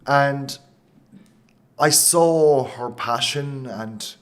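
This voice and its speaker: A man with an Irish accent, a company founder answering interview questions in a passionate, emotional way, with quick bursts and many restarts. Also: mid-range voice, fairly bright tone. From Ireland. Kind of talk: interview conversation.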